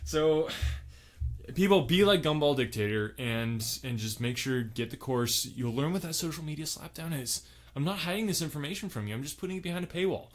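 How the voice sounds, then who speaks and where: A man's voice: fairly high pitch, lively intonation, a little fast. A man hosting a comedy podcast sketch, boastful and self-satisfied, rambling with lots of filler words. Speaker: podcast host.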